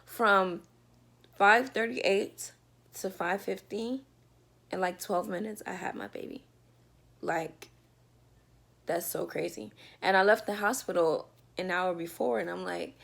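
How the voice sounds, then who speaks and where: A woman's voice: on the low side, takes it slowly, vocal fry, pauses often, fairly bright tone. A woman telling a personal story in a casual storytime vlog from her bedroom, talking loosely with lots of fillers. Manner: chatty, loose, with many fillers. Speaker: vlogger telling a birth story.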